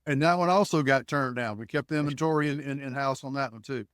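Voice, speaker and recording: A middle-aged man from Alabama spins yarns as a podcast guest, acting out both sides of conversations and stumbling into quick restarts. His voice sits at an ordinary pitch, recorded close and dry with no room sound. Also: smooth, dry recording. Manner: animated storyteller, acts out dialogue, frequent restarts. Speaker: guest, ticket broker. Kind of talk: storytelling in a podcast interview.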